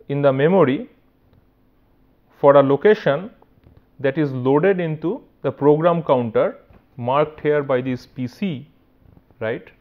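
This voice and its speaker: A man's voice: fairly high pitch, dull audio. A man with an Indian English accent giving a recorded university lecture, explaining step by step and often checking in with "right". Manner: explanatory, with frequent "right" and restarts.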